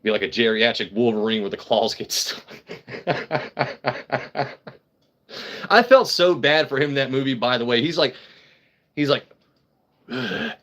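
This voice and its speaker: A man's voice: mid-range voice, expressive, fairly quick, a bit bright. A man hosting a casual livestream and chatting to his viewers while drinking, rambling, joking and swearing freely. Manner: rambling, talks straight to chat viewers. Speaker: livestream host.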